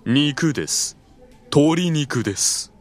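A man's voice: on the high side, animated, measured pace. A man voicing a polite male waiter explaining dishes in a scripted lesson dialogue.

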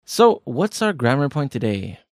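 A man's voice: medium pitch, big pitch swings, moderate pace, dry recording, studio quality. A man hosting a language lesson podcast, teasing his co-host and stretching words for emphasis. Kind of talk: playful language lesson banter.

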